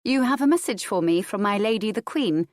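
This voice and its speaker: A proud young countess from a historical romance audiobook, voiced by a woman reading in a lifted, slightly higher register. She speaks briskly and decisively, with a firm, commanding edge, and the sound is close and dry. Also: lively intonation, dry recording, close to an everyday voice. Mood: resolute.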